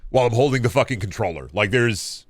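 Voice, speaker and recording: A young man streaming a game, talking casually and rambling with lots of swearing as he answers chat, his pitch jumping up and down. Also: expressive, fast, dry recording, studio quality. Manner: rambling and profane, reacting to chat; pitch leaps up and down often. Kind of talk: casual live-stream chat while gaming.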